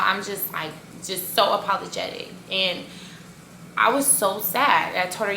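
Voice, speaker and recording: Animated gravelly woman telling a storytime. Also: medium pitch, a little slow, slight background noise. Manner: animated, filler-heavy retelling with sound effects. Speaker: cake business owner. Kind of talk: casual storytime vlog. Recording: echoey room.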